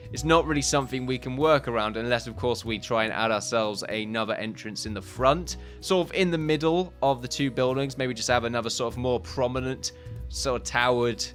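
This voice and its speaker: A man's voice: medium pitch, fairly bright tone. A man hosting a gaming video, talking casually and rambling with many self-corrections and laughs while slightly out of breath. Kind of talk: casual commentary over a time-lapse.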